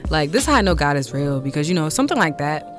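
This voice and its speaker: A young woman hosting a podcast, telling a personal story in an animated, slangy, casual way. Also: deep voice, racing, over music. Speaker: podcast host. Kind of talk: casual chat.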